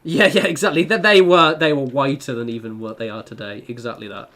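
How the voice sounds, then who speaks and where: A man's voice: medium pitch, brisk, bright, forceful tone. Young man, gaming streamer, casual chat, rambling, filler-heavy. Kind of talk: casual chat while playing.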